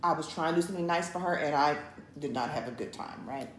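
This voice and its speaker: A woman, co-hosting a couples show and telling a story to viewers in a casual, animated way, acting out each line of dialogue. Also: low voice, fast. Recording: roomy, with faint background noise.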